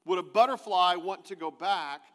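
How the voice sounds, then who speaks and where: A man's voice: sits high, moderate pace, fairly bright tone. A man preaching a sermon to his congregation in a conversational way, asking them questions as he teaches. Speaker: pastor. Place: church sanctuary. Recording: long hall reverb.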